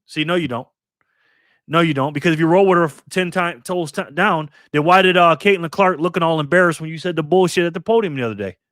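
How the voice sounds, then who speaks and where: Fifties guy from new york state ranting mad on his live show, swears a ton, kinda high voice, dry sound. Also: fast talker, fairly bright tone, no echo. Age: 50s. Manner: angry, profane ranting. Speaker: livestream host. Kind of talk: live political commentary.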